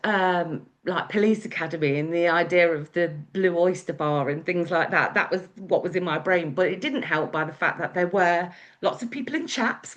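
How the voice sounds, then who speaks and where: A woman with an English accent, telling her own story as a guest speaker in a chatty, candid way. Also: on the low side. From England. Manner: chatty, candid, with acted-out quotes. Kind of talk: personal storytelling.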